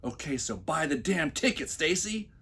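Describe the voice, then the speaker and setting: A man's voice: fairly high pitch, big pitch swings, normal speed, fairly bright tone, breathy edge, voice pushed up, full character voice. A man doing a mocking impression of a boastful, swaggering rich husband.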